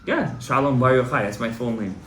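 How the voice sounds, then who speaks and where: A man giving a Torah class to a small audience, emphatic and exhorting, often rising to loud, fervent urging. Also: mid-range voice, animated, a little fast. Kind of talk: animated Torah lecture to a live audience. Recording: echoey room, faint room noise.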